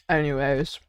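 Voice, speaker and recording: A woman's voice: sits low, darkish tone, dry recording. A young woman with an American accent, a first-language Vietnamese speaker, chatting casually as a streamer with viewers, giggly and full of filler words. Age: young adult. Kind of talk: casual chat, answering viewer chat.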